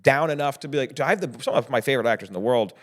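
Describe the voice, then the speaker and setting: A man's voice: medium pitch, expressive, racing. A man who is a filmmaker guest on a podcast, chatting in a laid-back, slangy way and laughing often. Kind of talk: casual podcast chat.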